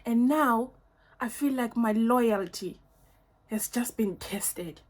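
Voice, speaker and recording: A woman's voice: fairly high pitch, slow pace. A young woman in a casual perfume unboxing review at home, gushing and effusive, full of fillers and repeats. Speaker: beauty vlogger.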